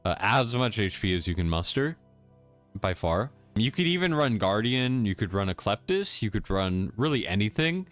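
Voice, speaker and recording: Lively low-voiced man doing game commentary. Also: normal speed, faint music behind. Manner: casual, self-deprecating with chuckles. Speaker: gaming guide creator. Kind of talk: gameplay commentary.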